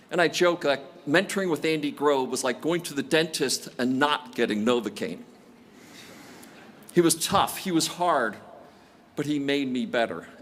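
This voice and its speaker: A man's voice: mid-range voice, a bit bright, a little hiss or hum. A man in his sixties giving a commencement address, telling stories with self-deprecating jokes. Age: 60s. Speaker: commencement speaker. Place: large outdoor graduation ceremony.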